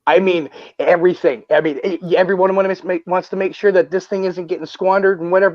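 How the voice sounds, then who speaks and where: Excitable, foul-mouthed man on a lo-fi stream. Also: sits high, fast talker, hardly any pauses, no echo. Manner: excited, swears often, many restarts. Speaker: stream host. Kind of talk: casual livestream chat. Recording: dull lo-fi stream audio.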